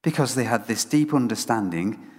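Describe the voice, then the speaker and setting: A man's voice: medium pitch, moderate pace, breathy edge. Man preaching in a reverberant hall. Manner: animated storytelling with frequent restarts. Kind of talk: conversational sermon.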